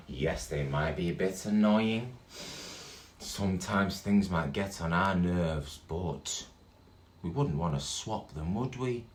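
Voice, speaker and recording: Animated man reading to children. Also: on the low side, takes it slowly, a little hiss or hum. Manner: animated, with gasps and exclamations. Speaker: children's storyteller. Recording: echoey room with faint guitar.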